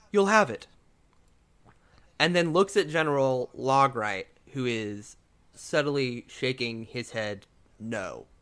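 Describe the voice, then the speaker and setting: Guy running a tabletop game, chill and slow, voice goes up and down a lot. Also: mid-range voice, fairly bright tone. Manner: casual, loose narration. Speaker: game master.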